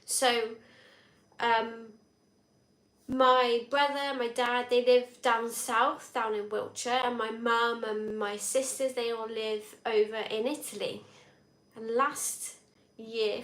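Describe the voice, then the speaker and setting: A woman's voice: fairly high pitch, a bit bright. A woman co-hosting a live stream, chatting casually and reading out viewer comments in a rambling, easygoing way. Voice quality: chatty, rambling, laughs easily. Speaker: co-host of a live drinking stream. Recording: echoey room.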